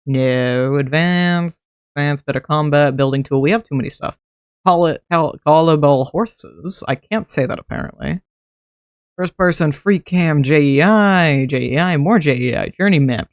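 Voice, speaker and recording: Streaming a modded game, a man with a fairly high voice talks to himself throughout, thinking aloud in casual, chatty commentary. The sound is studio quality with no echo.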